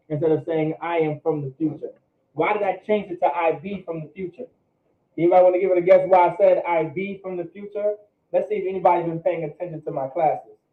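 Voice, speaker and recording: A man teaching a vocabulary class, his voice a little high for a man. He talks loosely and conversationally, repeats words for his students and asks them questions. The sound is roomy and thin, like a phone line. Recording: echoey room over phone-like line.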